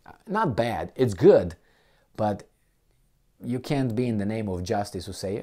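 Man, low voice, warm mellow tone, rambling rant, halting, heated bursts. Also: expressive. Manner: heated, gets louder and higher when indignant; halting, hunts for words and restarts.

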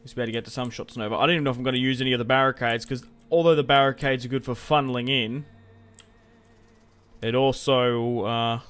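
A man's voice: medium pitch, steady tone, fast talker, a bit bright, clear, resonant tone. A young man giving casual, rambling commentary over a strategy game, restarting sentences and swearing freely. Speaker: gaming video host.

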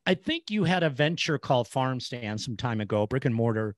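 A man's voice: medium pitch, animated, brisk, dry recording, studio quality. A man hosting an interview, affirming his guest and telling stories, repeating words as he goes. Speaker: podcast host. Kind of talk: casual interview chat.

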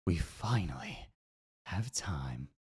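A man voicing an eerie, formal male skeletal scientist in a game playthrough, speaking with slow, stately, ominous phrasing. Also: low voice, very animated, darkish tone, slightly rough, exaggerated voice. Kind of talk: voice acting over a game playthrough.

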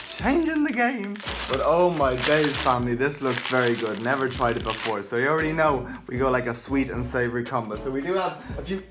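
A young man vlogging casually about food, joking back and forth with himself and breaking into sudden loud outbursts. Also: mid-range voice, noisy background. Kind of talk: casual vlog talk.

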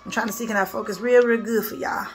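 A woman's voice: fairly high pitch, fairly even intonation, quick pace, faint music behind. A woman vlogging a nail haul from her bathroom vanity, chatty and gushing, often calling the viewers y'all. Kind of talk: casual haul video chat. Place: home bathroom vanity, seated.

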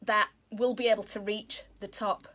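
A woman's voice: medium pitch, fairly even intonation, moderate pace, fairly bright tone. A woman with a Yorkshire accent giving a chatty, bubbly online lesson for children, often joking about herself. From Yorkshire, England. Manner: chatty, bubbly, self-deprecating. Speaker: zoo educator.

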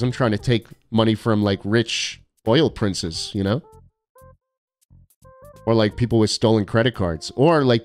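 Young male streamer, joking and sarcastic, animated delivery, faint background music. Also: medium pitch. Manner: sarcastic, joking, mock-arrogant. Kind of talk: casual live-stream chat reading viewer postcards.

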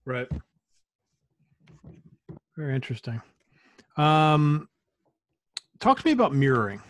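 A man's voice: medium pitch, very animated, slow, dry recording. Dry-sounding male podcast host. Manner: brief affirmations, attentive. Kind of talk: interviewing a guest.

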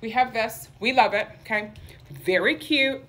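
A woman's voice: fairly high pitch, a little slow, fairly bright tone. A woman running a live sale from her clothing store, with sassy, campy patter full of "okay?" and "honey". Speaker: boutique owner selling clothes on a livestream.

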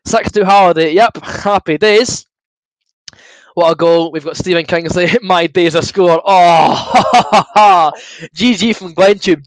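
A Scottish man hosting a live football watchalong, excitable and chatty, cheering, laughing and talking to his viewers over a desk microphone. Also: high voice, dry recording, poor audio. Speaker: livestream host.

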